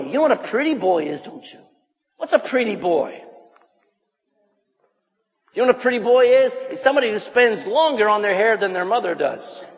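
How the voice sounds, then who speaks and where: A man preaching to young men in a high voice that leaps up and down with energy. He teases and calls on people in the congregation by name. His voice rings in a long, echoing church hall. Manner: animated, teasing, calls on listeners. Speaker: pastor. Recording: echoey hall.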